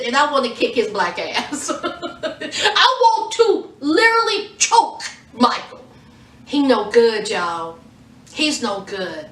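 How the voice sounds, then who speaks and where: Animated, sassy woman retelling a show. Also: high-pitched, far from the mic. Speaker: TV show reviewer. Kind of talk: casual commentary vlog. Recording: echoey room, off from the mic.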